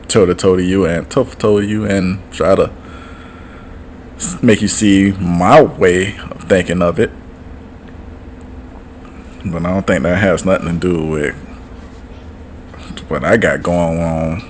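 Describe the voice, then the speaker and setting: Very deep, slow-talking man. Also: slight background noise. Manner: slow, halting, profane. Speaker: podcast co-host. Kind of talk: casual chat.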